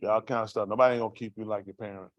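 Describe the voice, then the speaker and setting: A man's voice: fairly low pitch, fairly even intonation, racing, no room sound, muffled recording. Dry, plain-voiced man testifying. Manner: raw, vernacular storytelling with rhetorical questions to the room. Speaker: congregation member giving testimony. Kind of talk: street-life testimony to a congregation.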